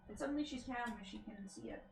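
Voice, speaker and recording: A woman's voice: fairly high pitch, fast talker, gravelly, reverberant, loud music behind the voice. A woman streamer chatting casually while playing a game, reading dialogue aloud and laughing often.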